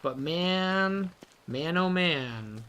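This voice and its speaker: A young man commenting live on his own gameplay, excitable, rambling and poking fun at himself. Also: sits high, very slow, slight background noise. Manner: excitable, rambling, self-mocking. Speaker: game streamer.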